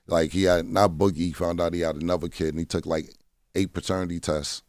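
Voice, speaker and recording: Speaking a little fast in a deep, darkish voice with fairly even intonation, this man is a guest in a radio studio telling blunt stories. He swears a lot and keeps saying "you know what I'm saying." The studio-mic sound is echo-free and clean.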